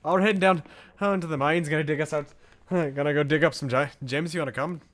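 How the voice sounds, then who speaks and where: A man's voice: fairly high pitch, steady tone, fast, fairly bright tone, voice pushed up, lightly acted. A man voicing a cheerful male dwarf miner with a folksy, upbeat manner. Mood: jolly.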